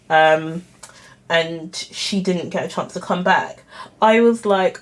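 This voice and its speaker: A woman's voice: fairly low pitch, slow pace, pauses often. Giggly chatty young woman. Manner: chatty, giggly, self-conscious. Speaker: vlogger. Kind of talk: casual storytelling to camera.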